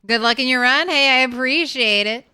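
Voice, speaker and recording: Bright, crisp-voiced woman streamer. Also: high-pitched, normal speed. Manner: greets viewers by name and chats warmly about progress. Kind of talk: casual live-stream chat while gaming.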